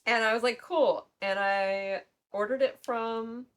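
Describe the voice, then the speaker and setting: A woman co-hosting a podcast, chatting casually and telling animated stories full of "like", laughing as she goes. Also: fairly high pitch, measured pace. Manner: animated storytelling, laughing and tearful; many "like" fillers. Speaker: podcast co-host. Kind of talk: casual chat.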